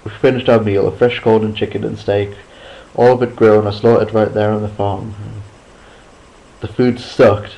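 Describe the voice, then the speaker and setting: A man reading a chapter book aloud at a steady pace, sometimes restarting a line after a slip. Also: lowish voice, normal speed, muffled recording. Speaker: reader. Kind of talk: amateur audiobook reading.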